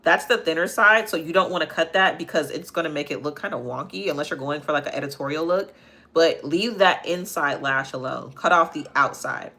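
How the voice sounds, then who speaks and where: A woman's voice: low-pitched, fairly quick, sharp tone. A young woman hosting a live makeup tutorial at home, chatting casually and answering viewer comments as she works. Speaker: makeup vlogger and livestream host. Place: home, near a kitchen.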